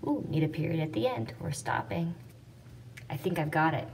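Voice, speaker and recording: A patient woman teacher explains step by step, slowly, with a somewhat low and lively voice. She sounds set back from the mic, with faint noise behind. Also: vocal fry, distant mic. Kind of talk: classroom explanation.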